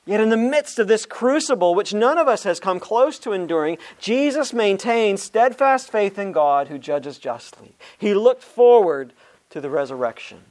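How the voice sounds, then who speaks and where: A man's voice: sits high, expressive, normal speed, darkish tone. A man preaching a sermon as a pastor, earnest and direct, calling his listeners friends. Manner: earnest, addresses listeners as friends, some restarts.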